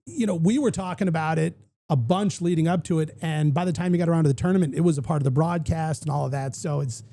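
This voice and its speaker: A man's voice: a little high, quick pace, gravelly, dark tone. A man hosting a casual golf podcast, rambling through stories with lots of fillers. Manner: rambling, filler-heavy storytelling. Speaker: podcast host.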